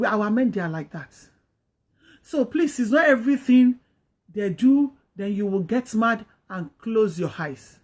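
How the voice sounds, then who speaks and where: Woman host, higher voice, earnest and preachy, repeats her points. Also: lively intonation, measured pace. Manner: earnest, repetitive, exhorting. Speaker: host giving marriage advice. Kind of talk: preachy advice talk.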